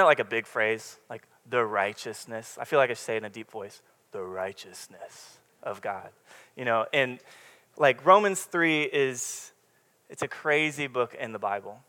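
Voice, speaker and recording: A man's voice: mid-range voice, bright, forceful tone. A young man preaching a casual, candid sermon, rambling a little with many fillers and restarts. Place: church meeting room with congregation. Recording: long reverb from the room.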